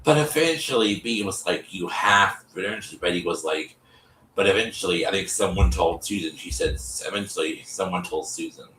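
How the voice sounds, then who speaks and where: A man's voice: low-pitched, brisk, bright, forceful tone, a little hiss or hum. A man hosting a livestream, casually retelling television history in a rambling way that keeps looping back and repeating itself. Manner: rambling, loops back and repeats himself while storytelling. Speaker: livestream host. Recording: echoey room, distant from the mic.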